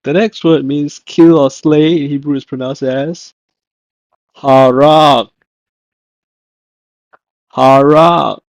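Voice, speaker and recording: A man teaching a recorded language lesson, slow and deliberate, carefully repeating each word he pronounces. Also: a little high, steady tone, dark tone, no room sound. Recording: dull, dry lo-fi audio.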